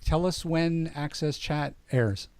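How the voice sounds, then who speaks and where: Relaxed male co-host, mellow tone, dry close sound. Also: on the high side, slow pace, smooth, dry recording. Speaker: podcast co-host. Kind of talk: casual conversation.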